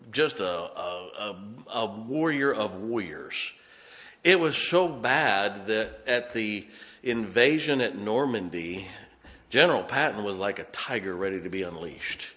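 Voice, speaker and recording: A man's voice: lowish voice, bright, forceful tone. A man preaching a sermon, telling stories in a folksy way and often correcting himself mid-sentence. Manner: folksy storytelling, self-correcting. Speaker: pastor. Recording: long hall reverb.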